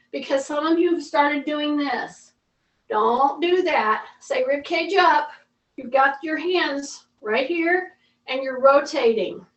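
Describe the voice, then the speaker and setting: Heard from a distance in a room full of echo, a woman instructor runs a live mobility class. Her voice is high and a touch bright as she patiently repeats her coaching cues.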